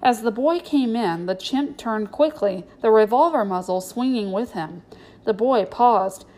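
A woman reading a storybook aloud in a steady, clear narrating manner. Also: on the high side, a little slow, low-quality recording. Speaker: reader.

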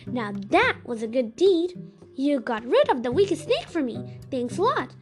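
A woman's voice: sits high, big pitch swings, unhurried, soft background music. A woman voicing a scheming peasant man in a storybook reading, pleading and wheedling. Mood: cheerful.

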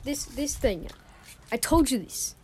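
A teenage podcast host in casual chat, rambling, joking and swearing a lot. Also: female voice, high-pitched, lively intonation, measured pace, a little mellow, slight background noise. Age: teens. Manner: rambling, swears a lot, jokey fake Australian slang.

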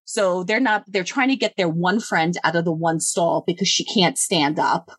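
A young adult woman telling a story in casual chat, animated and swearing freely. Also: normal speed, husky, no echo. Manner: animated, swearing, acts out quoted voices higher.

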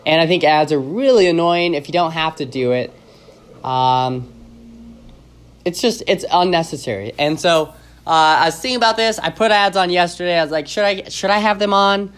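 Man, podcast host, raised pitch, casual chat, rambling, jokey, lots of fillers. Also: moderate pace, fairly bright tone, smooth. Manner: rambling and joking, with many fillers and restarts.

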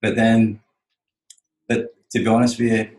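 A Scottish touring musician with a lowish, monotone, slightly mellow voice tells rambling, sweary stories at a slightly slow pace. It's casual storytelling chat, and he leans on "you know what I mean" over and over. He's in a roomy space that gives his voice a clear echo.

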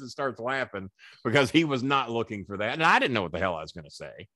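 A man's voice: mid-range voice, quick pace, no echo, clean studio sound. A man, a former wrestling manager, telling stories as a podcast guest, cursing freely and acting out what other people said. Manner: profane, animated storyteller who acts out quoted people. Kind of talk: storytelling in a podcast interview.

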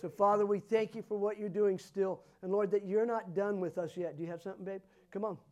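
A man ministering as a prophet, praying and declaring prophetic words over people in a fervent style that builds to loud, emphatic declarations. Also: high-pitched, steady tone, brisk.

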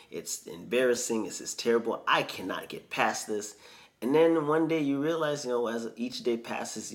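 A young man co-hosting a podcast, chiming in eagerly and summing up the point in a casual chat. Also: on the low side. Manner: eager listener who chimes in and sums up the point. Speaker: podcast co-host.

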